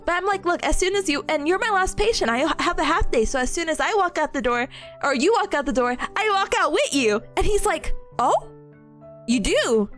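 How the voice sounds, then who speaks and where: A woman's voice: extremely high pitch, fairly quick, faint music behind. A young woman streamer chatting casually, telling a story with lots of laughter and acted-out quotes. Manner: animated storytelling, frequent laughs, acts out quotes. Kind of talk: casual chat.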